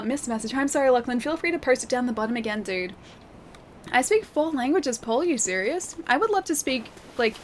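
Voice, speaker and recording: A young woman streaming a game, chatting loosely with her viewers and reading their messages, with lots of fillers and laughs. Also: on the high side. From Australia. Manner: chatty, rambling, laughs often, many fillers. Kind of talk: casual gameplay commentary with chat reading. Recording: game music behind voice. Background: game music.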